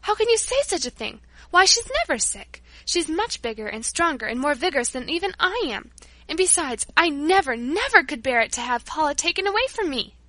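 A woman's voice: sits high, very animated, brisk, bright, forceful tone, no room sound, pitched above the performer's own voice, exaggerated voice. A woman voicing Lisita, an anxious, loving young girl who speaks in a pleading, emotional way. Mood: distressed.

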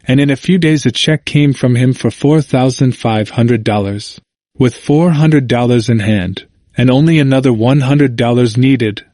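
A man reading a historical book aloud in a measured, even narration. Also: medium pitch, no echo, clean studio sound. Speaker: audiobook reader.

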